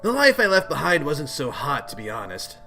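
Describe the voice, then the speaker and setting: A man's voice: on the high side, wildly swooping pitch, fairly quick, sharp tone, faint music behind, full character voice. A man voicing an arrogant, bossy teenage alien troll girl in a webcomic read-aloud, speaking haughtily and condescendingly. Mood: haughty.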